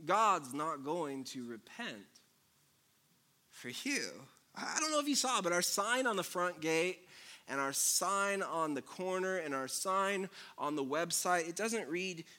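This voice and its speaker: A man preaching a sermon as pastor, mixing loud jokes with quiet, earnest passages. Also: sits high, expressive, measured pace.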